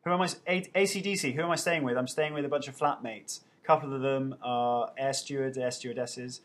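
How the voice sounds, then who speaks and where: A young man talking into a webcam during a live fan Q&A. He rattles off viewers' names and answers each one in an easy, chatty way, with a voice sitting at an ordinary middle pitch. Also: fairly even intonation, brisk. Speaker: TV host answering fan questions.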